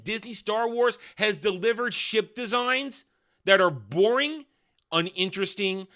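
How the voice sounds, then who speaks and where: A man's voice: fairly high pitch, sharp tone. A man giving a ranting video review of a TV show, sarcastic and scornful in his delivery. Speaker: film and TV reviewer.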